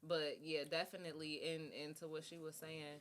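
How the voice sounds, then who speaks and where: A woman's voice: low-pitched, little pitch movement, normal speed, fairly bright tone, a little hiss or hum. A woman guest on a casual podcast chat, explaining her view thoughtfully and at length.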